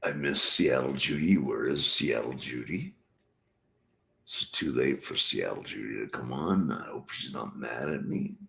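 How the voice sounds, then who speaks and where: A man's voice: very deep voice, lively intonation, measured pace, gravelly, pushed and bright. A man hosting his own late-night live stream, rambling casually to the chat. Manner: rambling, drifting, talking to the chat. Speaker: channel host.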